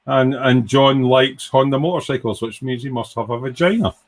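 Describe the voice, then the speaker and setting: A man's voice: medium pitch, fairly even intonation, moderate pace. A man hosting a casual live stream, rambling cheerfully, swearing freely and reading out viewer comments.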